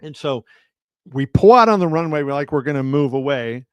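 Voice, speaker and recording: A boxing journalist hosts a casual live stream from a home setup, telling stories full of fillers and restarts and raising his voice to act out quotes. His fairly high voice is brisk and smooth with lively intonation, and there's no room sound.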